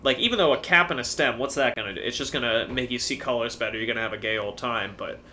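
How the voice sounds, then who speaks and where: A man's voice: medium pitch, fast talker, a crowd in the background. A young man co-hosting a casual podcast, telling stories with animation, swearing and acting out quotes. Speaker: co-host.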